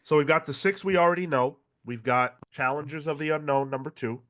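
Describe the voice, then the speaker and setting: A man's voice: fairly high pitch, fairly quick, fairly bright tone. A man co-hosting a casual live comics stream, exasperated and swearing as he laughs at himself. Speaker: podcast co-host.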